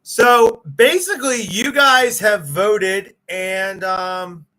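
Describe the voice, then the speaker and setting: A man's voice: sits high, slow, sharp tone. A man hosting a casual livestream, joking with viewers, laughing often and swearing, tired and yawning. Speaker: livestream host.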